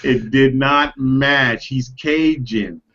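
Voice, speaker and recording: A man's voice: mid-range voice, takes it slowly, highs cut off. Streetwise New York man saying "bro". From Queens, New York. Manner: streetwise, animated, peppers talk with "bro". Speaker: podcast co-host. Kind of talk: casual chat.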